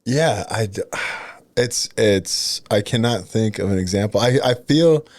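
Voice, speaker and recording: A man's voice: lowish voice, animated, measured pace, darkish tone, slight background noise. A man in his thirties co-hosting a casual marriage chat, hesitant and often restarting his sentences. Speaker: podcast co-host. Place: studio.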